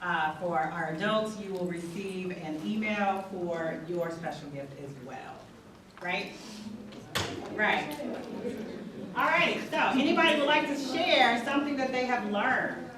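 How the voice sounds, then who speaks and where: A woman's voice: medium pitch, animated, a little slow. A woman hosts a community forum, affirming and casual with the audience. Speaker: event host. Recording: echoey hall, distant mic, crowd noise.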